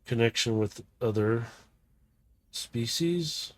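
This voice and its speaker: A man voicing a cold, detached male robot scientist who mutters slow, deadpan observations at low volume. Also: dry recording, close to an everyday voice. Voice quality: quiet, deadpan.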